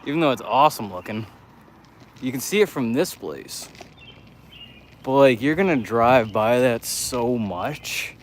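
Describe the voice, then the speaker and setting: With a medium-pitched, expressive voice, this man from the United States keeps a measured pace and takes long pauses, with a little hiss or hum in the audio. He's out on a nighttime walking livestream through city streets, chatting aimlessly, laughing and cursing frequently.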